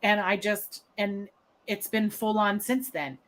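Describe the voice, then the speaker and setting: A woman co-hosting a casual chat, telling her own story with lively acted-out quotes. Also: medium pitch, slow pace. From Catskills, New York. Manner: animated storyteller, acts out quotes. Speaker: co-host.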